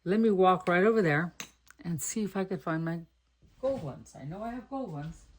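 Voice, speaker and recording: Chatty low-voiced woman crafting. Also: expressive, normal speed, slight background noise. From Texas. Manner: chatty, rambling, thinks aloud. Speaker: card-making crafter. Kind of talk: casual crafting chat.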